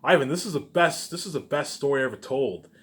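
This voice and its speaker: A man's voice: medium pitch, brisk, pitched above the performer's own voice, lightly acted. A man putting on his amazed wife's voice as she gushes over his work. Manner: gushing, excited. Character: astonished wife, gushing with praise.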